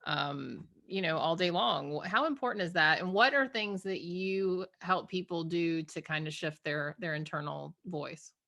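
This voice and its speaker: A woman hosting a podcast, chatty and expressive, who laughs easily. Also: on the low side, measured pace, creaky, hardly any pauses. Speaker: podcast host. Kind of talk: casual interview talk.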